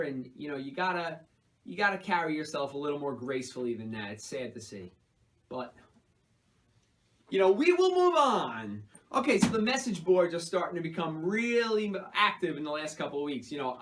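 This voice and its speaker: Man, host, high voice, casual sports recap, upbeat, chatty banter. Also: rough recording.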